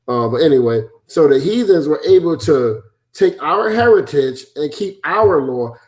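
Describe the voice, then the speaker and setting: A man's voice: fairly high pitch, animated, moderate pace, darkish tone. Rambling man in scripture chat. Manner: rambling, searching for words. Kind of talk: casual scripture discussion.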